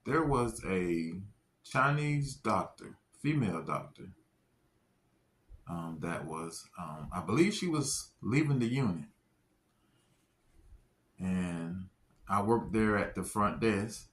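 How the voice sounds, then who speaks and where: Brief: earnest man sharing a faith testimony, unhurried pace, leans on key phrases. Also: sits low, expressive. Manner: slow, deliberate, earnest, stresses key phrases. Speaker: testimony speaker. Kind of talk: religious testimony.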